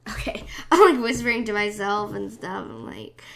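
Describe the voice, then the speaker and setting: A woman's voice: medium pitch, sing-song, moderate pace, vocal fry, background noise. A young woman hosting a gaming channel, chatting casually over her play in a rambling, self-deprecating way that often sinks into whispered asides. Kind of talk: casual game commentary. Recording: loud background music.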